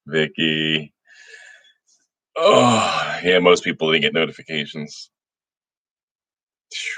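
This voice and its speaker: A man's voice: low-pitched, a bit bright, no room sound. A middle-aged man hosting a livestream, casually greeting viewers by name in a folksy way. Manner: folksy, reads viewer names aloud, frequent restarts. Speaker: state senator hosting a livestream.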